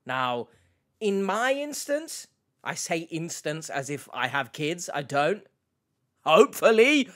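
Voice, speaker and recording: A man's voice: a little high, lively intonation, takes it slowly, a bit bright. A man hosting a reaction video, chatting casually to his viewers with rambling restarts and questions for the comments.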